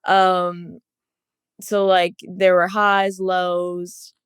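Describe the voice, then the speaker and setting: A young woman of twenty from Los Angeles sits as a podcast guest, her voice smooth and resonant. She giggles a lot and strings her thoughts together with plenty of "like", relaxed and chatty. The sound is close and dry. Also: lowish voice, extremely slow, dry recording. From Los Angeles, USA. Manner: giggly, laughs often, heavy use of "like". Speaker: guest footballer. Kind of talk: casual podcast interview.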